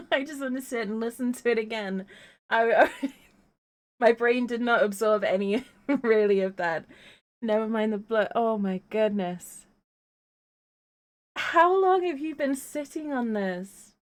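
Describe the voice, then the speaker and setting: A young woman streaming live, giggly and tearful, talking softly and slowly. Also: on the high side. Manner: giggly, emotional, talks softly.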